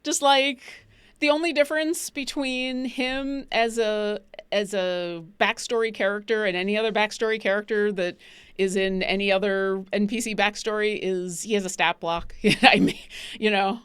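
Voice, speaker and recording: A woman chatting casually about her tabletop role-playing game, animated and laughing often. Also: medium pitch, moderate pace, smooth, no room sound. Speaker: player.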